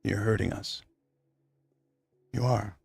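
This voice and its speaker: Gravelly, husky middle-aged man streaming. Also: fairly low pitch, fairly even intonation, slow pace, darkish tone, no echo, faint music behind. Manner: rambling, heartfelt, addresses his absent wife directly. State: near tears. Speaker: livestream host. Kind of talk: unscripted emotional monologue.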